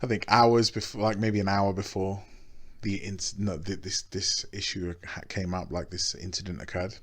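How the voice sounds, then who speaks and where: A man's voice: deep voice, level tone, moderate pace, a bit bright. A man hosting a casual podcast chat, telling a story in a rambling way with many restarts, swearing and laughing as he goes. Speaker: podcast host.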